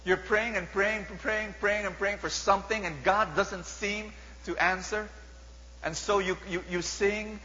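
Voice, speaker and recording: A man with a Filipino accent preaches a sermon in a bright, forward voice that sits slightly high for a man. He is animated and keeps putting rhetorical questions to the crowd. The sound is dull and lo-fi, with a long hall reverb and a faint hum.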